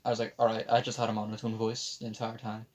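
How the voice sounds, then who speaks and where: A man's voice: on the low side, completely flat delivery, fast talker. A young man, telling a rambling, sweary story on a casual podcast. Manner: rambling, swears a lot, mimics others in quotes. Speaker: podcast host. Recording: faint background noise.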